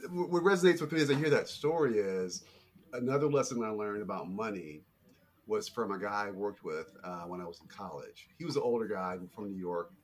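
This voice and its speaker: A middle-aged man hosting a podcast, telling stories in a casual, animated way. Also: a little fast. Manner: animated storyteller, jumps up in pitch for quotes. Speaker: podcast host. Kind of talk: casual conversation.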